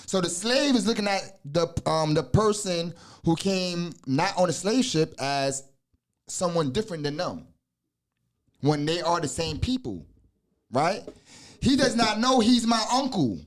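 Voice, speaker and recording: A man's voice: on the high side, lively intonation, a little slow. A man in his forties with an American accent hosts a podcast in a loose, profane style, full of asides and restarts. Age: 40s. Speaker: podcast host. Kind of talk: casual podcast talk.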